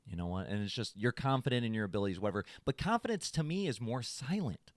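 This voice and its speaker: A man co-hosting a casual podcast, telling a story with a pitch that swings all over the place. He acts out what people said in a raised voice. The sound is dry and close. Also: fast talker, hardly any pauses, no echo. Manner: animated, acts out quotes in a raised voice. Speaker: podcast co-host. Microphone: studio podcast mic.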